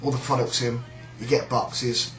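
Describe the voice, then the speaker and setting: A man's voice: medium pitch, level tone, normal speed, fairly bright tone, reverberant, soft background music, low-quality recording. A man with a British accent ranting in a sneering, rambling, sweary way about a coworker. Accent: British English. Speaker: shop worker. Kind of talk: casual rant.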